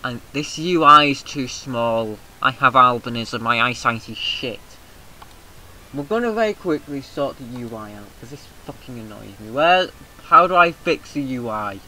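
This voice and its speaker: A British man giving casual, excitable let's-play commentary, swearing freely and shouting rallying cries, with a slightly mucousy throat. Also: mid-range voice, unhurried, poor audio. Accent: British English. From Britain. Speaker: gaming video host.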